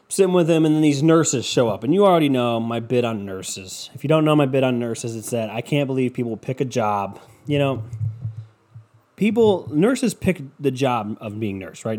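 A man's voice: mid-range voice, normal speed. A man in his twenties hosting a podcast, ranting through a comic story with heavy swearing and sarcasm. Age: 20s. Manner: profane, sarcastic, animated impressions in quotes. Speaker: podcast host.

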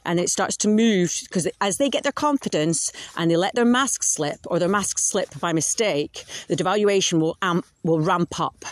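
A woman's voice: lowish voice, normal speed, hardly any pauses, no room sound. A woman hosting a podcast, talking frankly in a casual monologue and swearing freely. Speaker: podcast host.

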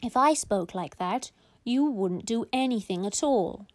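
Strict mother, tired, slow delivery, woman reading, storybook. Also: a little high, lively intonation. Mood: weary.

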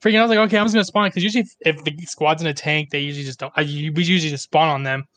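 A man's voice: on the high side, steady tone, a bit bright. A man chatting casually on a podcast, full of slang and filler words. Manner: fast slangy chatter with many likes and bros. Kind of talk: casual chat.

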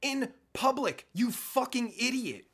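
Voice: medium pitch, lively intonation, a little slow, fairly bright tone, breathy edge. A reaction-video host giving angry, profane commentary, ranting and swearing constantly.

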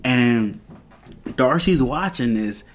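A man's voice: mid-range voice, lively intonation, takes it slowly. A man hosting a podcast, casually recapping a TV episode in a loose, rambling way and quoting the characters' lines. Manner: retells scenes with quoted dialogue, loose and rambling. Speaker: podcast host.

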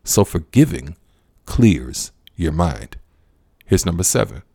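Deep gravelly guy preaching, slow and emphatic, dry close sound. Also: sing-song, dark tone, dry recording. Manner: emphatic, repeats key lines slowly; addresses listeners as friends. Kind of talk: sermon.

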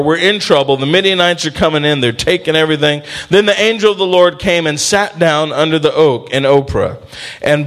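A man preaching to a church congregation, his voice sitting fairly high for a man. He swings between soft, close passages and loud, emphatic calls for the people to answer back. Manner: emphatic, call-and-response. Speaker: pastor. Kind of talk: sermon.

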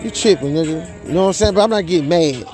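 A man's voice: high voice, quick pace, a little mellow. A young man telling a long, rambling, profane story about a custody fight, repeating "you know what I'm saying" and trailing off into restarts. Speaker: father telling his side of a custody dispute. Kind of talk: casual storytelling monologue. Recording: faint music behind.

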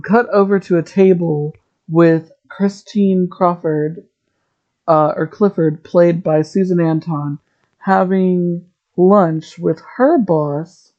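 Chatty, rambling podcast host, casual recap, mellow, dull lo-fi mic. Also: mid-range voice. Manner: chatty, rambling, laughs at own tangents.

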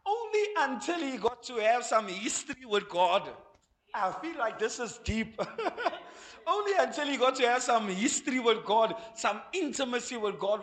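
High-voiced, animated South African pastor. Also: male voice. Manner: animated, acts out voices and laughs while preaching. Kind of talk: sermon. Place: church. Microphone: handheld mic.

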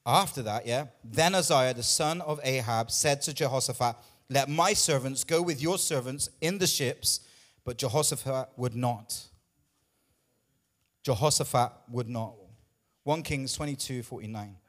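A man's voice: mid-range voice, measured pace, fairly bright tone. A man pastor preaching a sermon with emphatic, repetitive lines, out of breath at times.

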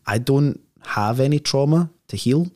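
A man's voice: medium pitch, animated, a little slow, a little mellow. A man, a podcast guest telling a story in a casual, slangy way, full of "like" and "right?".

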